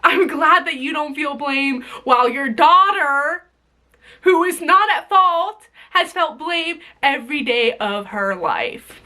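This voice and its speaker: Speaking slowly and expressively, a young woman vlogger delivers an emotional rant directly to camera in a high, bright voice. Her tone is cutting and sarcastic, she curses freely, and her voice sometimes cracks with feeling.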